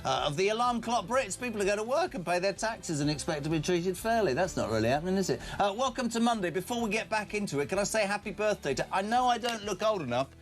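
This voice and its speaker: A man's voice: sits high, expressive, quick pace, hardly any pauses. An older man hosting a breakfast radio talk show, blunt and sardonic, with frequent fillers. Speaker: radio host.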